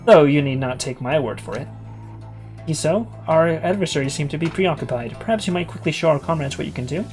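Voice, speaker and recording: A man reading a game aloud, voicing a calm, courteous male minstrel in a soft, formal way. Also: on the high side, fairly quick, faint music behind, lightly acted.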